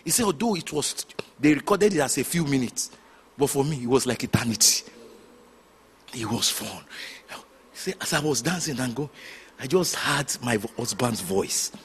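A man preaching a sermon, telling stories with sudden shouts and hushed asides. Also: mid-range voice, expressive, normal speed, a little hiss or hum. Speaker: pastor.

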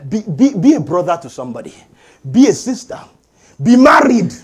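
A middle-aged man preaching a sermon as pastor, animated and calling for amens from the congregation. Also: sits high, normal speed, breathy edge. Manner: animated preaching with call-and-response.

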